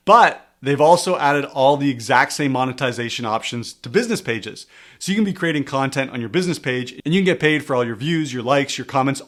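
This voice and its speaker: Man, fast-paced, emphatic, tutorial voice-over, repeats words for stress, close mic. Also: fairly high pitch. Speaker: coach explaining social media marketing. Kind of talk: screen-recorded tutorial.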